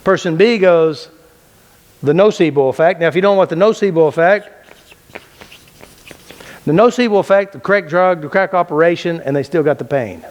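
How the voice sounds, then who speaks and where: A man teaches a class in an unscripted, casual style, his voice sitting a little high. He stresses points by repeating phrases and firing rhetorical questions, and his sentences restart loosely. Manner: emphatic, repeats key phrases, asks and answers his own questions. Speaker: teacher of a mind-body healing method.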